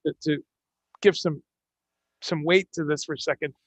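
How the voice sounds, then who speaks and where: Chatty male host, gravelly and slightly high, dry close mic. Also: moderate pace, dry recording. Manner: animated, chatty, many restarts. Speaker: podcast host. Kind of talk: casual interview chat.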